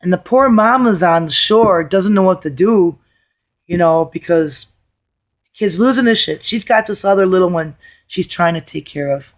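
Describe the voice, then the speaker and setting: A woman with a hoarse, worn voice tells a story to her camera in a loose, chatty way. She is blunt and swears casually as she talks. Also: fairly low pitch, normal speed. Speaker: vlogger.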